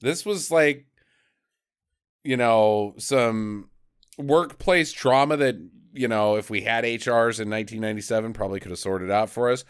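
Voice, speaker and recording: A man co-hosting a podcast, sarcastically retelling a bad movie and mocking its lines in a gruff, profane voice. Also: medium pitch, normal speed. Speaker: podcast co-host. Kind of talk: casual movie riff.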